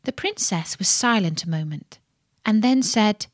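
A woman narrating a fairy tale with expressive storytelling. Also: medium pitch, a little slow, dry recording, studio quality.

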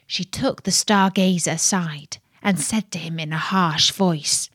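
Woman narrator, fairy tale, slow pace, expressive, dry close sound. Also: fairly low pitch, no room sound. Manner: expressive storytelling.

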